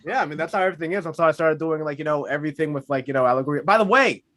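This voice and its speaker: A man hosting a podcast in casual chat, telling stories in a rambling, animated way. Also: a little high, rapid-fire. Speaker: podcast host.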